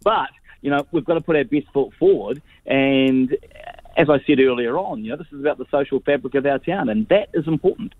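A man's voice: mid-range voice, brisk, no room sound. A New man giving a radio interview over the phone, earnest, with many fillers and repeated words. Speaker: guest on phone. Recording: tinny phone line.

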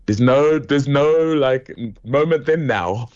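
A man's voice: mid-range voice, slow pace, a little mellow, no echo, dull audio. A man, an opera singer guest chatting in an interview over a remote line, laughing often and restarting sentences. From New Zealand. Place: hotel or home in Europe, remote.

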